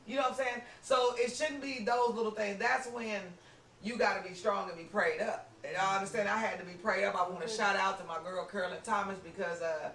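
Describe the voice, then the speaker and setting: A woman podcast host telling a story in casual chat, animated and acting out what people said. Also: medium pitch, a little fast, a little hiss or hum. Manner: animated, acts out quoted lines, lots of "you know what I'm saying". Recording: roomy room, distant mic.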